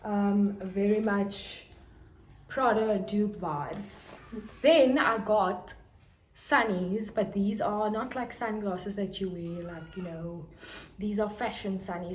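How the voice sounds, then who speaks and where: A woman's voice: mid-range voice, takes it slowly. A young South African woman with a South African accent, gushing over her haul in a casual fashion vlog. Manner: gushing, bursts into excited squeals. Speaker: fashion vlogger. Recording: echoey room with faint noise.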